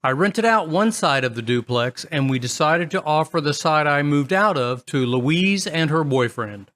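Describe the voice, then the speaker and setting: Male storyteller, somewhat high voice, casual and wry. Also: animated, normal speed, fairly bright tone. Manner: wry, chatty storytelling with comments. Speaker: story narrator. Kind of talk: casual reading of online stories.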